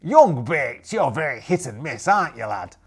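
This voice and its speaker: Man voicing a pirate captain, gruff, patronizing, lively pitch. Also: moderate pace, exaggerated voice. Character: sly older male pirate captain, gruff.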